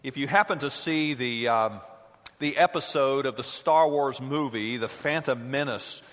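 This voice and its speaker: A man preaching a sermon as pastor in a church, measured and earnest. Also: mid-range voice, fairly bright tone. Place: church sanctuary. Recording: echoey hall.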